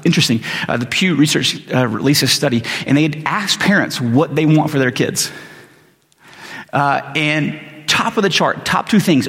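A man preaching a sermon in a loose, conversational way, full of fillers and rhetorical questions. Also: creaky. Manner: conversational, many fillers, rises in pitch when excited. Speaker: pastor. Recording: reverberant hall.

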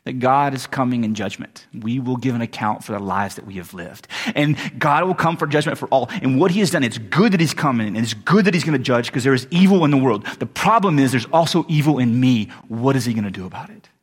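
Man, pastor, sermon, conversational, self-correcting, slightly breathy voice. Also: medium pitch, a little fast, few pauses. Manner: conversational, self-correcting, rising to animated asides.

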